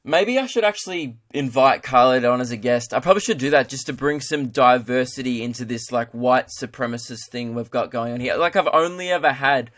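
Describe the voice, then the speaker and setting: A man's voice: mid-range voice, brisk, hardly any pauses, a bit bright. A young Australian man hosting a podcast, rambling through a casual comedic monologue and laughing at his own jokes. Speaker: podcast host.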